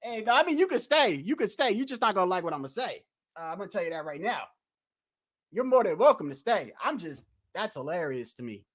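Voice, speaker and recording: A man's voice: sits high, big pitch swings, fast talker, fairly bright tone, no room sound, studio quality. A man hosting a live stream, talking bluntly and with a lot of cursing while he answers viewers in chat. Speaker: livestream host. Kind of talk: casual live-stream rant.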